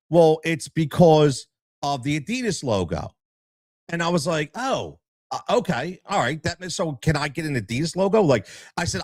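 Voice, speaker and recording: A man's voice: on the high side, dry recording. A man telling a story about a dispute as a youth soccer coach, getting heated, repeating himself, and acting out both sides of the talk. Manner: heated, repeats himself, acts out quoted dialogue. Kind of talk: casual storytelling, podcast interview.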